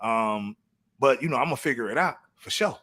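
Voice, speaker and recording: A man's voice: mid-range voice, expressive, moderate pace, a bit bright. A middle-aged man co-hosting a casual podcast, laid-back and full of street slang, often restarting his sentences. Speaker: podcast co-host.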